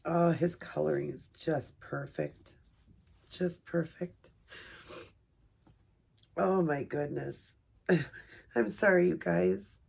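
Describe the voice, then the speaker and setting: A woman at home filming an unboxing video for her vlog, talking softly and gushing with emotion. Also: low voice, takes it slowly, creaky, long pauses, husky. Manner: gushing, soft-spoken, emotional. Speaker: vlogger. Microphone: camera set up nearby.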